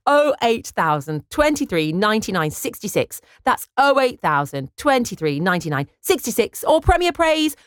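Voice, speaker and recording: A woman's voice: on the high side, normal speed, few pauses, no room sound, clean studio sound. A woman presenting on Christian radio, making an upbeat fundraising appeal to listeners. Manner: upbeat, lively, persuasive. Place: radio studio.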